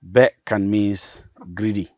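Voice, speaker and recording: Deep-voiced man teaching vowel sounds. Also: steady tone, darkish tone, no room sound. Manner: patient, repeats each word slowly. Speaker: pastor and language teacher. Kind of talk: explaining vowel sounds with example words.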